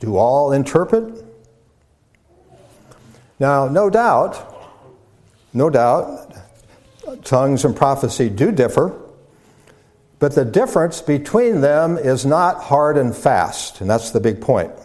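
A man, a pastor, delivering a teaching sermon in a measured way, with fillers and repeated words as he builds his points. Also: mid-range voice, a little mellow. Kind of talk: sermon lecture.

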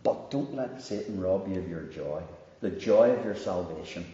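A man preaching a sermon, slow and emphatic, swinging from loud rises down to hushed, quiet lines. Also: deep voice. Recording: dull, echoey hall recording.

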